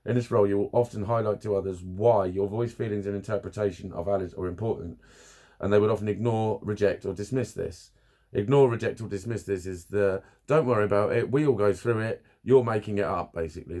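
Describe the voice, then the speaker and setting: A man's voice: lowish voice, dark tone. Blunt, swearing man ranting on camera. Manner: sardonic, laughs at himself. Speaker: vlogger. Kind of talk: candid personal talk to camera.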